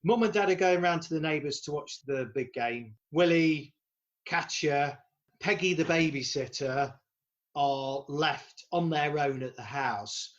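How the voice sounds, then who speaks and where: A man's voice: fairly high pitch, unhurried, dull audio. A man co-hosting a podcast, casually recapping a horror film plot with swearing and laughter. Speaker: podcast co-host.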